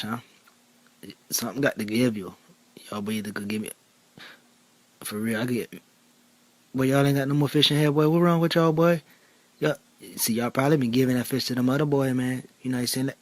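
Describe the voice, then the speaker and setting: A man's voice: medium pitch, pitched below the performer's own voice, natural voice, rough recording. A man playing an indignant man who complains that he has been cut off from fish, in a comedy sketch. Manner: grumbling, indignant, rambling. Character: fed-up Lowcountry man complaining about fish.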